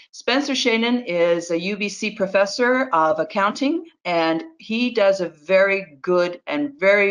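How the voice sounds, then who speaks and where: A woman's voice: lowish voice, a bit bright. A woman moderating a webinar over a video call, chatty and friendly, with fillers as she introduces the speaker.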